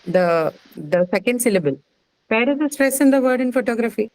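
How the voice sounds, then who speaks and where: A woman's voice: a little high, expressive, brisk, darkish tone, no room sound, low-quality recording. Female teacher, patient step-by-step classroom explainer, dry sound. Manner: explains step by step, checks with frequent "right?". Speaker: English phonetics teacher. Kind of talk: classroom lecture.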